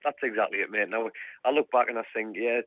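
A man's voice: fairly low pitch, fast, no echo. A man, a footballer chatting casually as a guest, calling everyone mate. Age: 30s. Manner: chatty, says mate a lot. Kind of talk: casual phone interview. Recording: dull lo-fi phone line.

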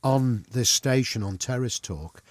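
A man's voice: mid-range voice, lively intonation, unhurried, dry recording. A man hosting a radio talk show, prompting his guest and affirming him often. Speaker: radio host. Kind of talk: conversational radio chat. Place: radio studio.

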